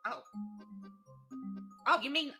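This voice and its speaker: A woman's voice: slow, music in the background. A woman playing a theatrical fake psychic who talks patronizingly and keeps calling her client honey. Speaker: comedic psychic.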